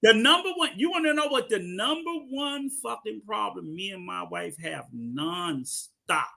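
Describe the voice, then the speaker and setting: Guy with a real high bright voice, cussing and riffing, pitch jumping all over. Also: measured pace, vocal fry. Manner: profane, animated storytelling. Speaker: podcast co-host. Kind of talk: casual chat.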